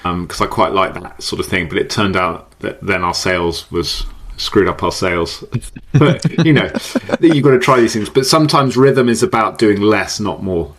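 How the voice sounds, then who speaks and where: A man speaking as a podcast guest, explaining ideas in an animated way, often repeating words and laughing easily. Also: on the low side, normal speed, hardly any pauses. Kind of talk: conversational podcast interview. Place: based in the UK.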